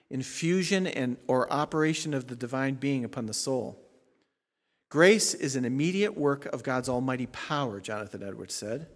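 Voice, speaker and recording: A man preaching a sermon as pastor, swinging between loud emphatic declarations and quiet asides. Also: mid-range voice, long reverb tail.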